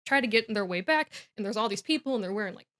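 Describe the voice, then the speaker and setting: A young woman on a podcast, casually retelling a book plot with laughs and quick character voices. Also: mid-range voice, animated, fairly bright tone. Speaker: podcast co-host.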